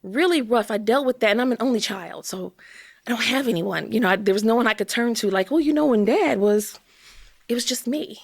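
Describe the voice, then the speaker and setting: A woman's voice: on the high side, fast, dry recording. Woman, from Chicago, podcast guest, emotional storytelling, dry room. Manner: emotional, animated storytelling with acted-out quotes. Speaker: interview guest. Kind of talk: candid podcast conversation.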